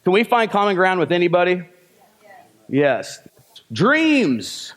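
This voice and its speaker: Working a live seminar crowd, this male sales trainer fires off rhetorical questions and answers them with short, punchy commands. His voice sits a little high for a man, with huge pitch swings and a measured pace.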